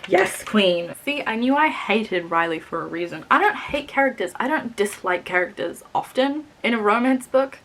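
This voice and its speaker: A young woman vlogger casually reviewing a book she read, animated and laughing often, swearing freely. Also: on the high side, moderate pace, hardly any pauses.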